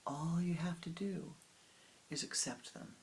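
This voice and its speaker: A spiritual teacher giving a meditative sermon, speaking slowly and softly, often sinking into a whisper, with long pauses. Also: medium pitch, steady tone, gravelly, slight background noise. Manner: slow, soft, often dropping into whispers; unhurried with long pauses, halting restarts.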